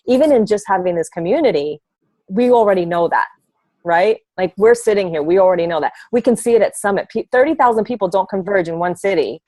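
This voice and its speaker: A woman's voice: mid-range voice, mellow, no echo. A woman coach on a team call, talking casually and emphatically with lots of fillers. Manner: emphatic, filler-heavy, passionate.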